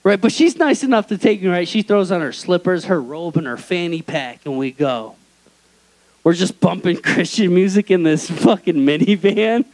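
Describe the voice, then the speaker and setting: Animated young comedian telling a story. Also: male voice, high-pitched, rough recording. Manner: animated storytelling with acted quotes. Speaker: stand-up comedian. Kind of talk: stand-up comedy set. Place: small comedy club stage.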